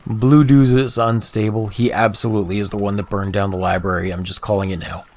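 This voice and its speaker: A man's voice: on the low side, fairly even intonation, fairly quick, darkish tone. A man livestreaming a game, thinking aloud in easygoing, chatty talk and answering chat, with a cough. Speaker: game streamer.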